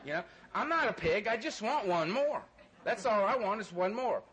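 A man's voice: high voice, animated, normal speed, a bit bright, slight background noise. A man telling a loose, laughing, self-mocking story to an audience and acting out voices. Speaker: speaker sharing his recovery story.

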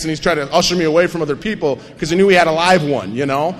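A man speaking at a recovery meeting, telling his own story with animated, self-mocking humor and coarse asides. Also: on the high side, fast, hardly any pauses. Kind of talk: personal recovery story told to an audience. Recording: long hall reverb.

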